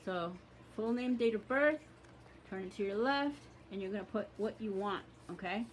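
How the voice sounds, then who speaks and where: A woman leads a ritual lesson in a mid-pitched voice, swearing her commands bluntly, then talking through the steps casually. A faint hiss sits under the recording. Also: normal speed. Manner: forceful, profane commanding; casual step-by-step instruction. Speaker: spiritual practitioner teaching a ritual. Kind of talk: ritual instruction with spoken commands.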